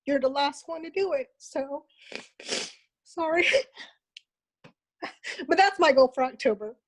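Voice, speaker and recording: A woman, a nurse, sharing personal goals on a group video call, halting and close to tears. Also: sits high, a little hiss or hum, poor audio. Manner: hesitant, tearful, halting.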